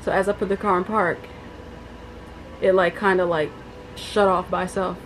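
A young woman telling a story in a casual vlog, chatty and animated, with lots of fillers. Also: lowish voice, moderate pace, rough recording. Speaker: vlogger. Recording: faint background noise.

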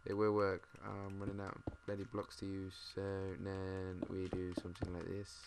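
A British man mumbling and thinking out loud, swearing now and then as he plays a game. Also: sits low, completely flat delivery, moderate pace. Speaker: gamer. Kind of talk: casual let's-play commentary. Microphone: desk mic. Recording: noisy home mic with mouse clicks.

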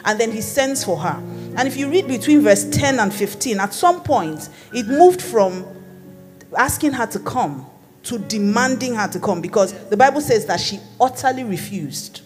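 A woman's voice: a little high, lively intonation, moderate pace. A woman pastor preaching a sermon in a conversational, playful teaching manner. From Nigeria. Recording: long hall reverb with faint music.

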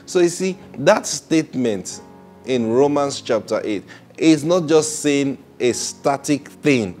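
Guy preaching, loud then hushed, acts out little prayers, guitar faint in the back. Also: mid-range voice, expressive. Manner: swings between loud exclamations and hushed, slow asides; acts out prayers and conversations in changed voices. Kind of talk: sermon.

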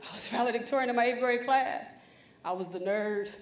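A woman's voice: fairly high pitch, fairly quick. A woman giving an emphatic, preacherly motivational speech, talking directly to students. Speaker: motivational speaker. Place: conference hall stage. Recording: echoey hall.

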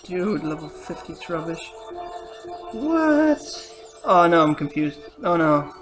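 A woman's voice: fairly low pitch, big pitch swings, slow. A woman commentating her own gameplay, swearing and crying out at every setback. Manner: cursing and crying out at the game. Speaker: let's player. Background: faint game music.

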